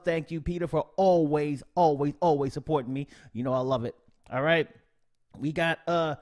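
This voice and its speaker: A young man with a fairly high voice hosts a casual live stream. He talks in a chatty, upbeat way, full of playful slang. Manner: upbeat, slangy, chatty, reads chat shout-outs aloud.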